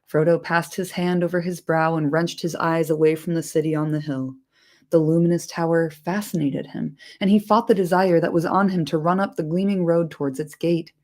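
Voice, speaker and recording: A woman reading a fantasy book aloud on a livestream, expressive, with casual and profane chatty asides. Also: deep voice, normal speed.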